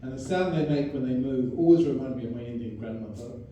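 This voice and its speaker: A young man from London with a London accent doing a stand-up set, quick, playful and self-mocking. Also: mid-range voice, mellow, a little hiss or hum. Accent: London English. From London, England. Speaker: stand-up comedian. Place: live comedy club stage. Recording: echoey room from a distance, crowd ambience.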